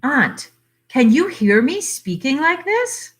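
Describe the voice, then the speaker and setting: A woman playing a timid young woman, higher and lighter, stammering and unsure of herself. The voice is bright and wavers as she speaks. Storybook reading. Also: animated, takes it slowly. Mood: startled. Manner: hesitant, stammering.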